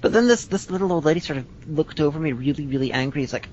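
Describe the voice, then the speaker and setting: A woman from Northern Ireland with a Northern Irish accent, hosting a casual podcast chat in a blunt, quick way with many restarts. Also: low-pitched, a little mellow, slight background noise. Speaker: podcast host. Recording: dull lo-fi podcast audio.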